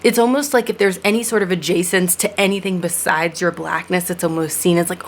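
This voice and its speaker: Earnest woman vlogging, low voice. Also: a little fast, hardly any pauses. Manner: earnest, reflective, with sarcastic asides. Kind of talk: personal vlog monologue.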